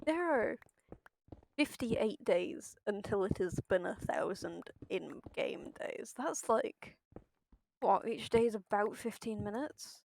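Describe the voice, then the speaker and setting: A woman's voice: mid-range voice, lively intonation, takes it slowly, vocal fry, darkish tone, no room sound. A woman streaming a game, chatting casually with her viewers and swearing freely. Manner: chatty, swears freely, talks to chat while playing.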